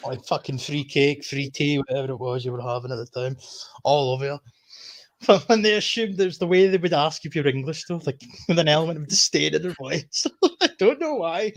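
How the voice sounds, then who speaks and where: A Scottish stream guest chats casually in a slightly high voice with lively intonation at a normal pace. He swears freely and laughs while telling his anecdotes.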